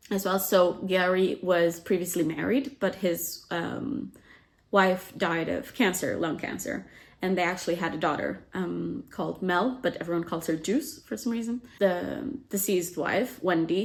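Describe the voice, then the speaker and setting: A woman casually retelling a novel's plot as a book summary host, chatty and full of "like" fillers, briefly acting out what the characters say. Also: fairly low pitch. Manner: chatty, frequent "like" fillers, acts out quotes.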